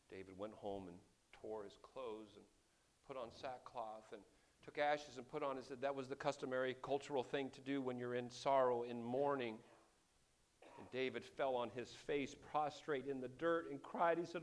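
Fiery preacher swinging loud and soft. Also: male voice, mid-range voice, fairly even intonation, normal speed. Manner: acts out the quoted characters. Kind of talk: sermon.

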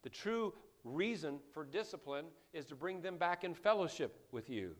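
A man preaching a sermon, swinging from hushed passages to loud outbursts and acting out the quoted characters. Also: on the high side, animated, normal speed.

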